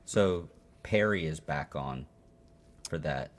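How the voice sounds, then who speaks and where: A man co-hosting a podcast, chatting casually in a dry, deadpan way with halting fillers. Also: rumbling low. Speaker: podcast co-host. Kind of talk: casual chat.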